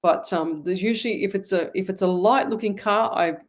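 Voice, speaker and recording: Speaking fairly quickly at a medium pitch, a middle-aged Australian woman hosts a live psychic show online. She gives readings, answers comments from viewers, and rambles chattily, restarting many times.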